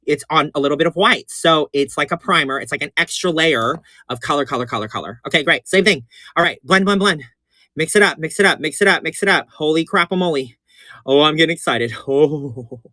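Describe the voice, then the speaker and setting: A man giving a live makeup tutorial in a sassy, excitable way, swooping between chirpy highs and low purring asides and repeating his instructions. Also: fairly quick, dry recording. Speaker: drag performer doing a makeup tutorial.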